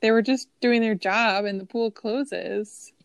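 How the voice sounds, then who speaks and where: A woman's voice: a little high, steady tone, unhurried, creaky, no echo. A woman co-hosting a casual chat, talking hesitantly with a lot of fillers. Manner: hesitant, full of "like" and "um".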